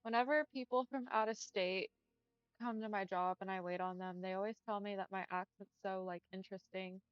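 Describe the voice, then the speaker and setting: A woman's voice: mid-range voice, fairly even intonation, brisk, smooth, no echo, muffled recording. A young woman with a Texan accent chatting casually with her viewers while she streams a game, saying "y'all" and "like" a lot. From Texas. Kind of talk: casual chat while gaming.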